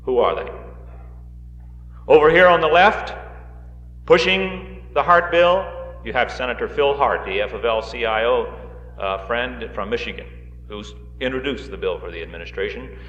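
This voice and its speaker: Male rally speaker, middle voice, folksy and halting, on a muffled old reel with long hall reverb. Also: mid-range voice, a bit bright, soft background music. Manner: folksy with joking asides and frequent uh fillers. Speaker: guest speaker at a political rally. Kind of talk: live political speech to an audience. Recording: roomy dull 1960s reel recording of a hall.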